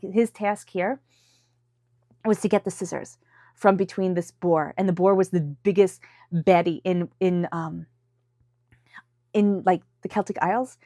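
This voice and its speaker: A congested woman giving a casual, chatty tarot reading to camera, emphatic at times and dropping into soft whispers. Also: fairly low pitch, no room sound, clean studio sound. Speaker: tarot reader.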